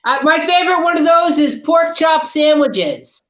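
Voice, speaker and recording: Man from Maine, high voice, wry storyteller, echoey lo-fi stream audio. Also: expressive, measured pace, fairly bright tone. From Maine, USA. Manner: wry storyteller, acts out quotes. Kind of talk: casual chat.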